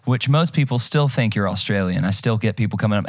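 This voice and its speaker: A man's voice: on the low side, fast talker, hardly any pauses, dry recording, studio quality. A man hosting a podcast, chatting casually and telling stories in an upbeat way. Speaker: podcast host.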